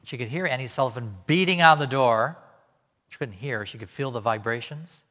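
A man preaching from the pulpit with a medium-pitched voice, telling stories and putting on quick voices for the people he quotes. His voice carries a long reverb tail from a large hall. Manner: animated storytelling, acting out quoted voices. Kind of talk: sermon.

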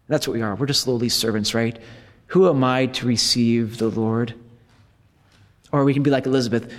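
A priest giving a retreat talk in a relaxed, conversational way, with playful asides to his listeners. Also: mid-range voice, moderate pace. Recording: long hall reverb.

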